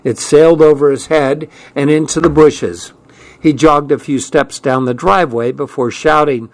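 A man reading a first-person story aloud as an audiobook narrator, with steady storytelling delivery. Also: on the high side, normal speed, no echo. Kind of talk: scripted narration.

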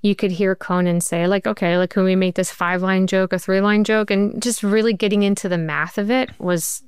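A woman TV writer in an interview, telling stories with lively asides and acted-out quotes. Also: mid-range voice, fairly quick, clear, resonant tone, dry recording, clean studio sound. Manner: animated storyteller, acts out quoted voices. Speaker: TV writer and showrunner. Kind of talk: interview conversation.

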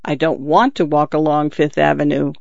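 A man's voice: fairly high pitch, little pitch movement, moderate pace, gravelly, dry recording. A man reading a story, voicing a bitter, idle husband who talks bluntly and sullenly. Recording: dull dry lo-fi recording.

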